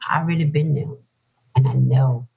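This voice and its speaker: A North Carolina author, appearing as an interview guest, shares her hard personal journey with heartfelt earnestness, circling back to repeat points for emphasis. She has a deep bass voice with fairly even intonation, a moderate pace, and a creaky, breathy edge, all captured on dull, lo-fi podcast audio.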